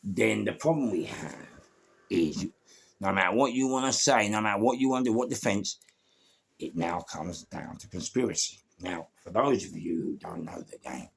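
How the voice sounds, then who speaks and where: An older man with a London accent telling crime stories in a casual, animated monologue, swearing freely and acting out the voices of people in his story. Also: lowish voice, normal speed, vocal fry, breathy edge.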